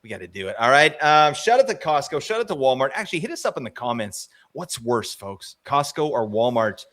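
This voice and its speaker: A man co-hosting a fantasy hockey podcast in loose, casual chat. He jokes and rambles, and his voice sits at an everyday middle pitch. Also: brisk. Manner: animated, joking, rambling. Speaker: co-host.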